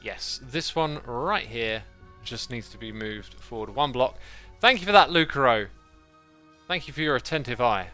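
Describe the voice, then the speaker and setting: Bright-voiced man streaming a game. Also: mid-range voice, unhurried. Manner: rambling, thinks aloud, thanks chat. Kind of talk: casual livestream commentary while playing. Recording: faint background music.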